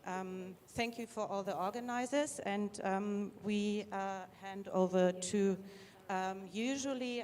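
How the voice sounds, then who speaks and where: A woman chairs an assembly and gives hesitant opening remarks, with many pauses and restarts. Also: medium pitch, darkish tone. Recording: long reverb of a hall.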